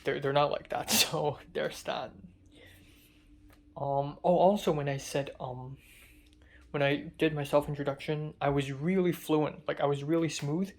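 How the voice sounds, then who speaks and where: A man's voice: fairly high pitch, steady tone, moderate pace, darkish tone. Chatty young man rambling. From Hong Kong. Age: young adult. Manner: chatty, self-deprecating, rambling asides. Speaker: film student vlogger. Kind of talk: casual storytelling monologue.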